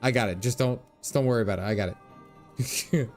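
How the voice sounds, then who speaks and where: A man's voice: mid-range voice, normal speed, darkish tone, faint music behind. A man in his thirties streaming a game, chatting casually with lots of laughs, dad jokes and game lines read aloud. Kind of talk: casual gameplay commentary.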